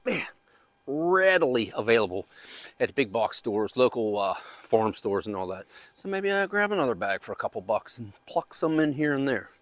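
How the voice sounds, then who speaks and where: Chatty man with a lively voice. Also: medium pitch, normal speed, dry recording. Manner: rambling, chatty, talks while digging. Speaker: gardening channel host. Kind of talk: casual chat. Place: outdoor backyard garden.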